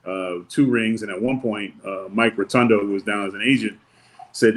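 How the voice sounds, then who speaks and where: Low-voiced man telling wrestling stories. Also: normal speed. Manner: animated, acts out quoted people in the telling; loose, rambling, with many fillers and restarts. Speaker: wrestling guest. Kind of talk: casual storytelling in an interview.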